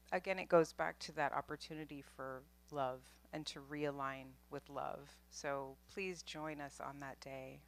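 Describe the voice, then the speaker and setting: Woman announcer, low voice, unhurried, heartfelt and easygoing. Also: creaky. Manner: warm, heartfelt, laughs easily. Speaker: service announcer. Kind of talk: church announcements. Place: spiritual center service room.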